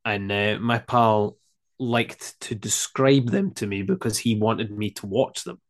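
A man in his thirties appears as a podcast guest and chats casually, telling an animated story full of fillers and some swearing. He speaks at a measured pace in a voice on the low side.

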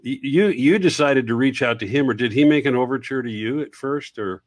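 A man hosting an interview, relaxed, with brief affirmations and follow-up questions. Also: medium pitch, a little fast, no echo. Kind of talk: conversational interview.

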